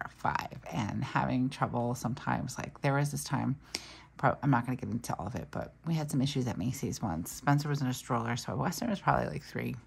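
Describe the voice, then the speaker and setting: With an extremely low, husky voice and plenty of vocal fry, a planner vlogger in her thirties chats casually during her journal planning. Her storytelling keeps trailing off into asides.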